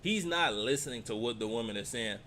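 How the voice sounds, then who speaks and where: A man's voice: mid-range voice, lively intonation, a little fast, pushed and bright, a little hiss or hum. A man giving casual reaction commentary on a clip, talking back at it and repeating his points. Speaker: reaction streamer.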